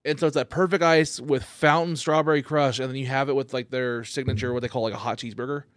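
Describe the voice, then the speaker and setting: A man's voice: mid-range voice, fairly even intonation, fast talker, no echo, studio quality. A man from Oklahoma hosting a casual comedy podcast, talking in an easygoing, rambling way and laughing often. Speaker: podcast host.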